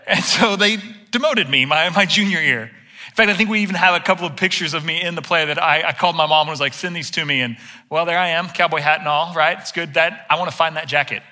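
A middle-aged male pastor preaches a sermon built around a personal story, telling it on himself with plenty of self-deprecating humor. He is an animated, lively storyteller who talks fast, his voice fairly high for a man with a very bright, tense edge.

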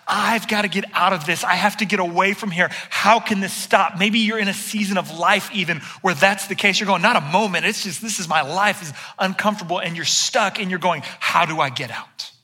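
A pastor with a very bright, tense edge to his voice tells a story on himself with plenty of humor. He is a middle-aged man, fairly high for a man, and he preaches in a lively, storytelling way. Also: slightly rough. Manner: animated storyteller, self-deprecating humor. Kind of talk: sermon with personal story.

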